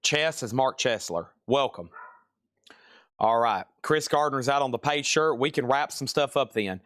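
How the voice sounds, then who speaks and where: Man, live sale host, auction patter, mid pitch, dry sound. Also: dry recording. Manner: rapid auction patter, calling prices and bidders; drops to a soft soothing murmur to calm his dog. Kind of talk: live online sales stream.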